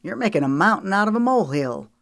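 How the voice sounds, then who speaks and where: A woman voicing an easygoing young man who speaks calmly and stands his ground. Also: fast talker, natural voice. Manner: easy, calm, low-key. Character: easygoing young man, kind but firm.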